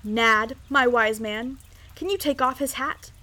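A woman voicing a blustering, impatient king who speaks in a loud, commanding way. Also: on the high side, unhurried.

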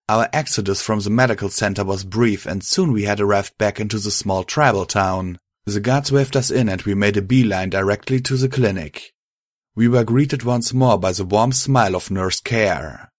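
A man narrating a story audiobook in a steady, matter-of-fact reading. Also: fairly low pitch, moderate pace, dry recording, studio quality. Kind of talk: audiobook narration of fan fiction.

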